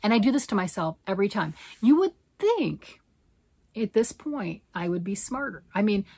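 Very animated at a normal speed, this middle-aged knitting and crochet host rambles, pokes fun at herself, and tosses out rhetorical questions. Her mid-range voice is darkish and slightly rough, captured in a dry recording.

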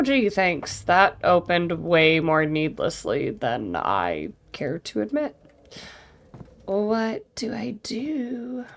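A young woman talking her way through a game, sarcastic and quick to swear. Her voice has a gravelly fry, and her pitch swings widely. She speaks at an unhurried, drawn-out pace. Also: a little hiss or hum. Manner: sarcastic, swears freely, talks to herself. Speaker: gaming streamer. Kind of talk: let's play commentary.

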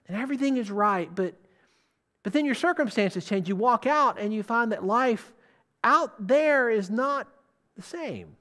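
A preacher giving a sermon, putting questions to the listeners and stressing key words. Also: medium pitch.

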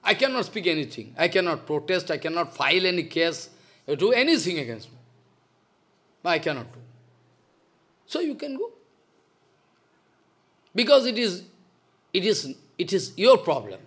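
A man's voice: high voice, very animated, a little fast, fairly bright tone, slightly rough. A man, a spiritual teacher giving a devotional lecture in a stern, scolding manner, repeating his points. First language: Bengali.

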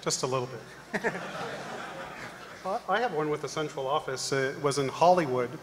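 A man on a conference panel telling an animated anecdote with acted dialogue, recorded in a large hall. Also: fairly high pitch, normal speed. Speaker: panel guest. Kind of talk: live conference storytelling. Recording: echoey hall with long reverb, faint noise.

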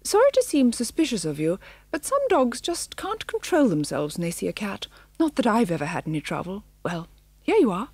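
A woman voicing a brisk, friendly female tabby cat who talks in a chatty, homely way in an audiobook. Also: mid-range voice, huge pitch swings, darkish tone, slightly rough, dry recording.

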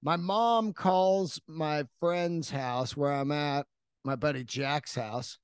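A man's voice: on the high side, steady tone, takes it slowly, smooth, no echo, clean studio sound. A middle-aged man hosting a podcast, telling stories in a rambling, profane, casual monologue. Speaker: podcast host.

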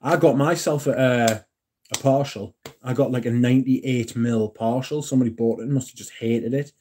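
A man hosting a casual livestream, reading and answering chat in a relaxed, yawning way. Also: medium pitch, normal speed, a little hiss or hum. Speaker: livestream host.

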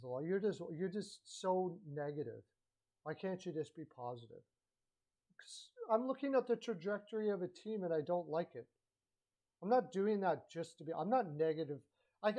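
A man with a fairly high-pitched voice and a dark tone delivers a blunt, opinionated solo monologue as a hockey commentary vlogger. He rambles in a casual way and often corrects himself mid-sentence.

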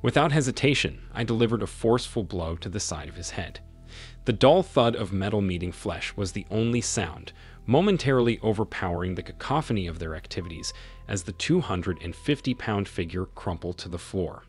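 A man reading a first-person story aloud as scripted narration, in a measured, dramatic way. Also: on the low side, lively intonation, breathy edge, soft background music.

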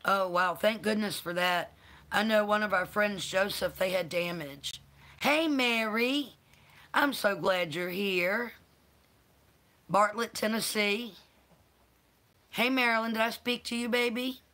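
Woman, unhurried, bright voice, affectionate live-stream host. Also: mid-range voice. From North Carolina. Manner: affectionate, calls viewers honey and baby. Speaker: channel host. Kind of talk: live-stream chat, greeting viewers.

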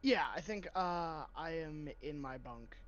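A man's voice: fairly high pitch, lively intonation, measured pace, fairly bright tone, highs cut off. A man as a player in a tabletop game, laid-back.

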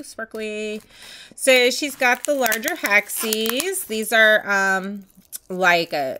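A woman's voice: fairly high pitch, very slow, bright, forceful tone, slight background noise. A woman vlogger chatting casually and gushing as she unboxes nail art, with many ums.

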